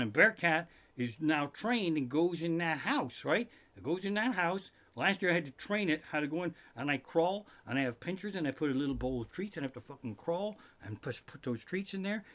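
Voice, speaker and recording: A man doing a live-streamed comedic rant from his living room, profane and animated with sudden outbursts. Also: fairly high pitch, a little fast, hardly any pauses. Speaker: comedian host.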